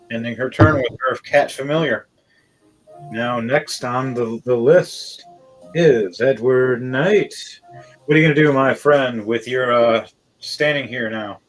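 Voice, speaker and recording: A man's voice: medium pitch, rough recording. A man narrating a tabletop game as game master, in a rambling, playful way.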